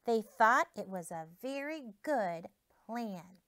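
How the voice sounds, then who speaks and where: A woman teacher reading a picture book aloud to young children, pausing to ask them questions and prompt predictions. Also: on the high side. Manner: expressive, asks children questions.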